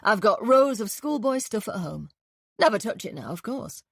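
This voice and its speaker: A woman reading an audiobook, voicing a practical male police detective who speaks in a low-key, matter-of-fact way. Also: very animated, moderate pace, vocal fry, no room sound, clean studio sound. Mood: casual.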